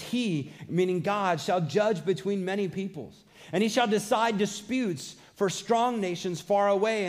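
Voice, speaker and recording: Guy preaching a sermon, kinda high voice, earnest, lots of rhetorical questions. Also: darkish tone. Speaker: pastor.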